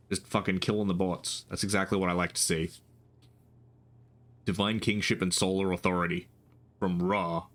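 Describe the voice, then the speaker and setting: A man's voice: fairly low pitch, fairly bright tone. A young man streaming live, chatting casually and rambling with frequent restarts and casual swearing.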